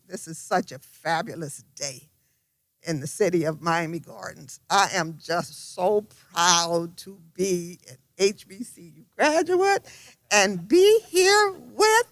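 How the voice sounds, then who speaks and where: A woman's voice: dry recording, clean studio sound. An older woman speaking as a congresswoman at a community roundtable, effusive and telling stories. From South Florida. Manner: effusive, storytelling, rises high when excited.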